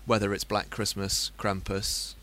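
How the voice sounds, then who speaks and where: A man's voice: lowish voice, flat delivery, unhurried, bright, forceful tone, slight background noise. Emphatic man hosting. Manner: emphatic, builds lists of points. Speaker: podcast host. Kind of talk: casual chat.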